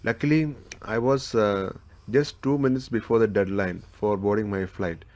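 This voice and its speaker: A man giving a practice speaking test answer in a flat, monotone voice, with his pitch only dropping at the ends of sentences. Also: normal speed. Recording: dull lo-fi recording.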